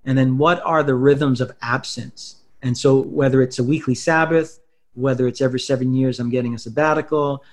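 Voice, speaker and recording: Male pastor-author, measured, reflective interview guest. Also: medium pitch, steady tone. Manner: measured, thoughtful, with fillers.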